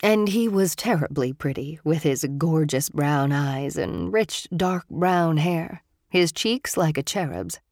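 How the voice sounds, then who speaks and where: A woman narrates a novel in a measured, expressive way. Her voice sits low for a woman. The sound is close and dry, with no room around it. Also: no echo. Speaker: audiobook narrator. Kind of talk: scripted storybook narration.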